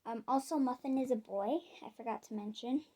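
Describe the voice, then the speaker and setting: A woman's voice: on the high side, a little fast, dark tone. A young woman chatting casually at home in a rambling pet vlog, with plenty of fillers. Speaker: pet vlogger. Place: home, indoors.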